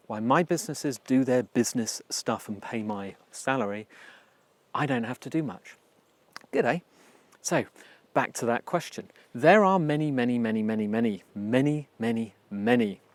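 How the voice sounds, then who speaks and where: A man's voice: medium pitch, dry recording. A man from England with an English accent, hosting a marketing podcast in a chatty, self-deprecating manner and repeating words for emphasis. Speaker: podcast host. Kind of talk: casual solo podcast monologue. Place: home recording in Canada.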